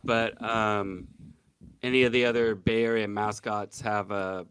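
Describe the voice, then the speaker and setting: A man's voice: fairly low pitch, little pitch movement, measured pace, fairly bright tone, clear, resonant tone, dry recording. A man interviewing a guest, mostly giving brief agreeing replies and laughing easily. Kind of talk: casual interview.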